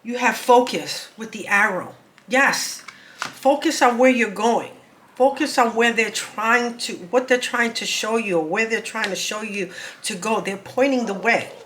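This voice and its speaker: A woman's voice: a little high, a little slow, a bit bright, a little hiss or hum, poor audio. Earnest woman reading cards aloud. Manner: earnest, repeats words, emphatic urging. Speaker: spiritual card reader. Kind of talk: intuitive card reading for viewers.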